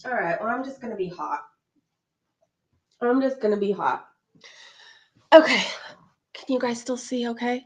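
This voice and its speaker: Chatty woman with a lively, high voice. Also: moderate pace, pauses often, husky. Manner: chatty, laughs often, talks to viewers and answers chat. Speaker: livestream host. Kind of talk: casual livestream chat.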